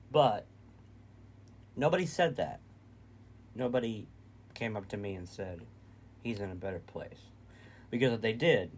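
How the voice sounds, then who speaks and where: A man with a somewhat low voice, co-hosting a casual reaction video. He is blunt and opinionated and swears freely. Faint background noise hums behind him. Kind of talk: casual chat.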